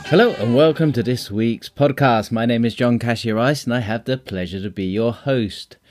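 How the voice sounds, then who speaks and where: A man hosting his own podcast, explaining ideas and telling short stories in a relaxed, conversational way with asides. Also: medium pitch, normal speed, no room sound, faint music behind. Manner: relaxed, storytelling, with fillers and asides. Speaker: podcast host and trainer. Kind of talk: casual solo podcast teaching.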